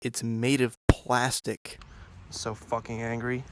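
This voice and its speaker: A man's voice: medium pitch, flat delivery, takes it slowly, fairly bright tone, a little hiss or hum. A young man filming himself repairing his car outdoors at night, frustrated and swearing as he mutters to himself. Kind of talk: profane self-filmed repair vlog.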